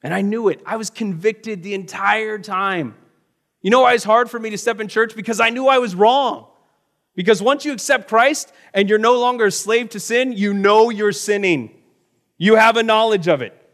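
A middle-aged man preaches with a fairly high voice, telling his own story from the pulpit. He acts out the people he quotes and swings between loud bursts and hushed, quiet stretches. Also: moderate pace. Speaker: pastor. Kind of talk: sermon with personal testimony.

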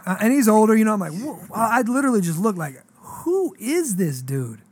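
A pastor in his thirties telling a story in casual chat, animated and slangy, acting out the voices in his dialogue. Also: sits high, a little fast, breathy edge.

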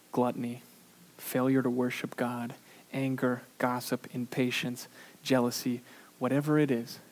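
A man preaching a sermon in an earnest way, sometimes pausing on "uh", who pushes his voice up for emphasis and then drops it low and quiet. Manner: earnest preaching with frequent "uh" fillers. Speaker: pastor.

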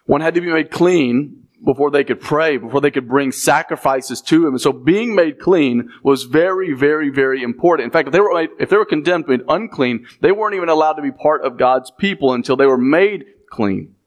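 A pastor preaching a sermon, emphatic and often asking the congregation questions. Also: male voice, fairly high pitch, a little fast, few pauses.

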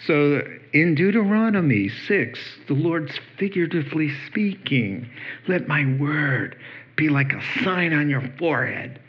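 A man's voice: a little high, expressive, unhurried, muffled recording. A man preaching a conversational sermon as pastor, joking and acting out the people in his stories. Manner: conversational, joking, acts out quoted voices.

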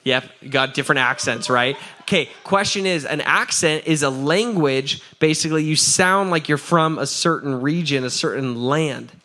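A man preaches to a crowd with a fairly high voice. He keeps it lively and casual, throws questions out to the listeners, and laughs between points. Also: normal speed, hardly any pauses. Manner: energetic, asks the crowd for answers; laughs often, repeats "right?". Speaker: pastor. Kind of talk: sermon.

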